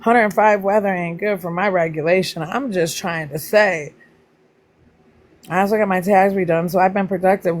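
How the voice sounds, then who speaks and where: A chatty woman hosts a casual livestream and talks straight to her viewers. She greets people by name in a voice that leaps up high, then drops back down to relaxed, playful teasing. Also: normal speed. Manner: pitch jumps up high when greeting people. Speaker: livestream host.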